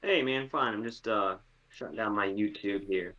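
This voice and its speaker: A man calling into a livestream, speaking in a relaxed, hesitant way. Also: on the low side, normal speed. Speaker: caller. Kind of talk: casual call-in chat. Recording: dull lo-fi call audio.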